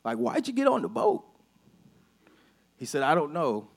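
A man preaching a sermon as a pastor, telling a personal story in a casual, conversational way and often dropping to a soft, low voice for emphasis. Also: wildly swooping pitch, normal speed, creaky. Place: church sanctuary.

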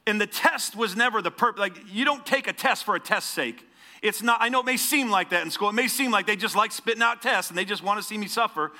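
A man delivers a sermon with a bright, forceful tone and a slightly higher voice than most men. He speaks conversationally, often asking the listeners direct questions. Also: fast talker. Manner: conversational preaching with rhetorical questions. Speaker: pastor.

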